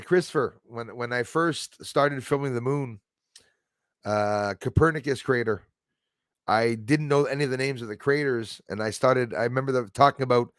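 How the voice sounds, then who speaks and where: A man's voice: mid-range voice, a bit bright, dry recording, clean studio sound. A man hosting a casual livestream, chatting with viewers by name and often stumbling over his words. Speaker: livestream host reading chat.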